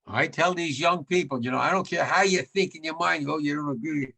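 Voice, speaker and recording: A man's voice: fairly high pitch, fairly quick, gravelly, sharp tone. A man in his nineties giving a blunt remembrance talk as a war veteran, repeating his points with rising force. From United States. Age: 90s.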